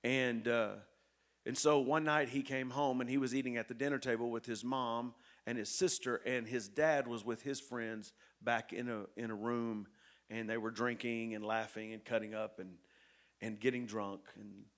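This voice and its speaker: A male pastor with a mid-range, steady voice tells a story during a sermon at normal speed. He is earnest and repetitive, dropping to a soft tone before rising loud again.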